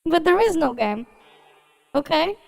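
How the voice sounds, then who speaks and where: A woman's voice: very high voice, very animated, measured pace, vocal fry, darkish tone. A woman streamer giving casual game commentary with laughing asides.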